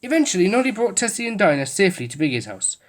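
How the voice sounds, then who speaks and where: Expressive woman reading a children's story. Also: medium pitch, fast talker. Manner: expressive, lilting. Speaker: storybook reader. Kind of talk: children's story read-aloud.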